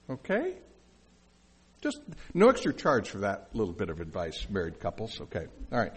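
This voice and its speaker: A man's voice: a little high, wildly swooping pitch, measured pace, pauses often, breathy edge. A male pastor preaching a sermon in a conversational way, with asides and questions to the congregation.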